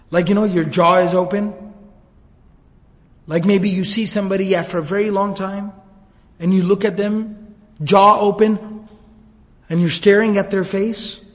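A man's voice: high-pitched, long reverb tail. A man giving a religious history lecture, animatedly retelling a story, reciting Arabic lines and translating them, repeating phrases for emphasis.

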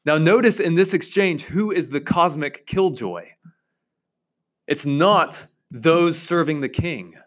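A man's voice: fairly high pitch, expressive, takes it slowly. A man reading aloud from a novel and teaching on it with emphatic enthusiasm.

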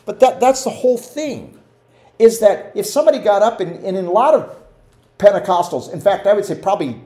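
A man's voice: high voice, big pitch swings, normal speed, mellow. A man teaching a conversational Bible study, often asking his listeners questions and acting out quotes. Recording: roomy echo.

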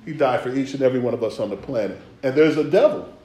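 A man's voice: medium pitch, quick pace, dark tone. A man preaching a sermon in a church, conversational and rhythmic, often asking the room if they hear him. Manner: conversational, rhythmic, calls for responses. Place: church sanctuary. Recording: echoey church hall.

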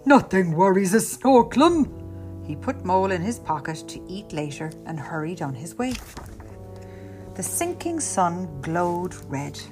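A woman reading a picture book aloud as a bedtime story, slow and very expressive. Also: lowish voice, soft background music.

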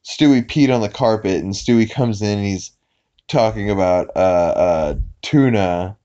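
Low-ish guy rambling thru a cartoon recap, lots of ums, dull lo-fi mic. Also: dark tone, clear, resonant tone. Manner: rambling, many fillers, quick bursts of cartoon voices when quoting. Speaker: podcast host. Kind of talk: casual episode recap.

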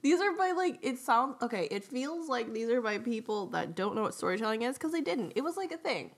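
A woman co-hosting a podcast in casual chat, animated and laughing, with quick asides and swearing. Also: a little high. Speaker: podcast co-host.

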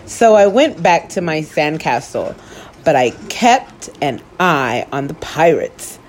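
Slow, expressive woman reading a picture book. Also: sits low. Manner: expressive, animated storytelling. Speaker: story time host.

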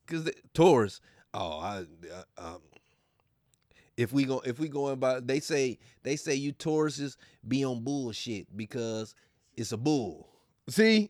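A man's voice: mid-range voice, dry recording, studio quality. A man hosting a podcast in a casual, profane rant, mocking and often laughing. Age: adult. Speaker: podcast host.

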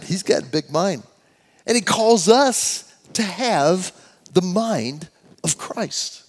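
An older man preaching in a church, his slightly high voice rising into emphatic declarations and then dropping into quiet, rambling asides. He leads the congregation through repeated phrases. The sound carries a long, hall-like reverb. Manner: leads congregation in call-and-response, swings from loud preaching to soft asides. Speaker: pastor. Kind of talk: sermon. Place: church sanctuary.

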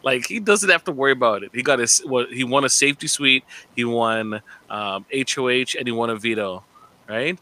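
A man in casual podcast chat with a bright, forceful tone. He talks with lively energy and often slips into slangy impressions of the people he's discussing. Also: medium pitch, moderate pace. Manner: animated, mimics contestants with slangy impressions. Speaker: podcast co-host.

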